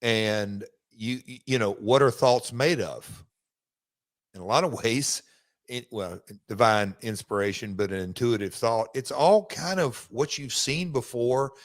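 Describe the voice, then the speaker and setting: A man reminiscing casually in a played clip, rambling with halting restarts. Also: mid-range voice, animated.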